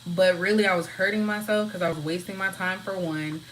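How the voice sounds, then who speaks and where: Woman, casual home livestream, chatting with viewers, lower voice, faint background hiss. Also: fairly quick, low-quality recording. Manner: relaxed, talks freely, answers chat comments. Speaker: livestream host. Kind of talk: casual rambling chat with viewers.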